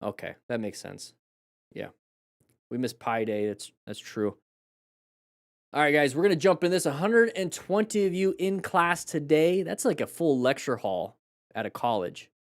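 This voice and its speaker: This man's voice is a little high, with big pitch swings and a measured pace, captured in a dry recording. On a live stream he casually comments on motorcycle crash videos, rambling and restarting often with plenty of fillers. He mixes coaching and praise with jokes for the chat.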